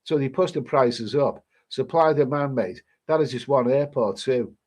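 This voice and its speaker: A man's voice: mid-range voice, moderate pace, a little mellow. A man with a cold, rambling casually as a travel vlogger reading out viewer comments, with many restarts. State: stuffy with a cold. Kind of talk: casual live-stream chat.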